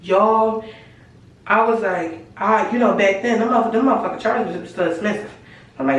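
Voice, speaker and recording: A woman's voice: mid-range voice, normal speed, recorded from a distance. A young woman casually telling a slangy storytime vlog, acting out her own heated lines. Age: young adult. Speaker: vlogger. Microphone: camera mic. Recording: echoey room, voice from the mic.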